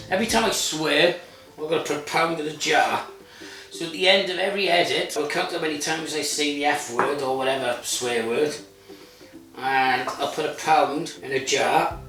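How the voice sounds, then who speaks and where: His voice is fairly high, pushed and bright, captured off-mic at a distance. He's a forties-aged man running a relaxed, joke-filled cooking vlog full of swearing, in an echoey room with music playing.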